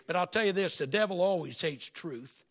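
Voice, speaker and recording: A man preaches from the pulpit, his high voice raspy and gravelly as he tells folksy stories. His tone is bright and a little strained, and he keeps it animated throughout. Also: moderate pace. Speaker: pastor. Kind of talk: sermon.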